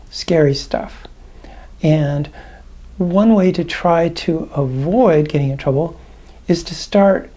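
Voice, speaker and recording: A male coach speaks to camera in a relaxed, conversational way, pausing to think as he explains. His voice is mellow and warm with a slightly husky grain. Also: fairly high pitch. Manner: conversational and reflective, with thoughtful pauses. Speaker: tapping practitioner and coach. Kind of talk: advice talk to camera.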